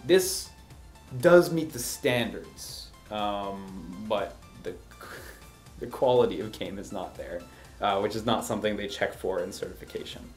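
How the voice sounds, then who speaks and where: Exasperated low-voiced man reviewing a game. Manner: sarcastic, exasperated, animated rants. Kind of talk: casual game review commentary.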